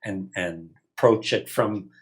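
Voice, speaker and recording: A man co-hosting a podcast interview, speaking softly and hesitantly, with many fillers and restarts. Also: fairly low pitch, unhurried. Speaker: podcast co-host. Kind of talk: casual interview chat.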